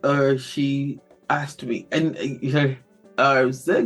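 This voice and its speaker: Woman hosting a chatty podcast, husky voice, faint music under it. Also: rumbling low, slow pace. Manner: animated, laughs often, repeats words. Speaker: podcast host. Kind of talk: casual podcast chat.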